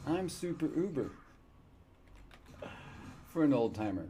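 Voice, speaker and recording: A man's voice: mid-range voice, big pitch swings, unhurried, vocal fry, a little mellow, slight background noise. An older man casually commenting on his gameplay with wry, joking asides. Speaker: let's-play gamer.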